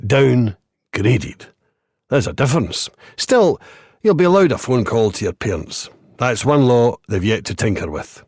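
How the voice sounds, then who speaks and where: A man's voice: medium pitch, very animated, a little slow, a little mellow, slightly rough, no echo, studio quality, full character voice. A man voicing a terse, wry veteran male police detective in an audiobook. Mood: dry.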